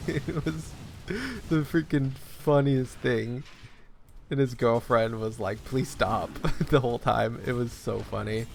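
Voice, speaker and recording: A young gaming streamer gives laid-back, chatty commentary while playing, tossing in loose asides with laughs. His voice is mid-range with vocal fry, and there's a little hiss or hum.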